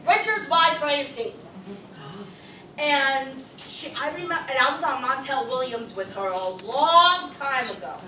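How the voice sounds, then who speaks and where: A loud woman medium rambles through stories for a live crowd, cursing freely in a high, bright voice. She sounds distant from the mic in an echoey room with a faint hiss behind her. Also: lively intonation, unhurried. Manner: loud, profane, rambling storyteller. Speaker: psychic medium. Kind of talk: live audience Q&A talk.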